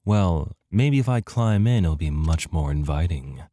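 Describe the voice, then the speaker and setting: In this let's play of an adventure game, a man reads the game text aloud and makes jokes at his own expense. His deep, warm voice is animated but unhurried, with slight background noise.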